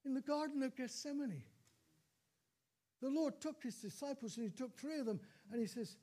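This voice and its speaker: Older male preacher, high voice, dramatic storytelling sermon, repeats lines for effect. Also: moderate pace, dark tone.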